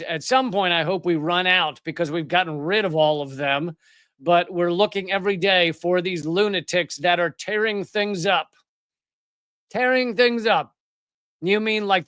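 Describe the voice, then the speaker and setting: A man's voice: high-pitched, a bit bright, clear, resonant tone, dry recording, clean studio sound. A man hosting a live political commentary show, ranting with biting sarcasm. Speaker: host.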